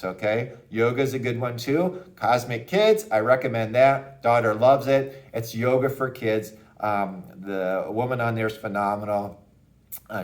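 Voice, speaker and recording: Casting: male doctor, low-ish voice, easygoing parent-advice explainer talking to camera. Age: adult parent of a young child. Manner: casual and upbeat, with frequent "okay?" and "hey" asides. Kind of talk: educational talk to camera.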